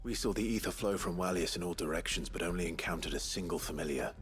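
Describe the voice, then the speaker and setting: An actor playing a grave, resolute young warrior who speaks in a measured, formal way in video game dialogue. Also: male voice, low-pitched, natural voice. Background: game score music.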